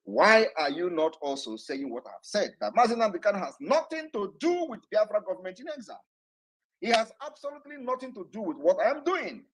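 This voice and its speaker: A man with a Nigerian accent giving an impassioned, defiant political address to followers online, repeating his points forcefully. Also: high-pitched, poor audio. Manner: fiery, defiant, repetitive.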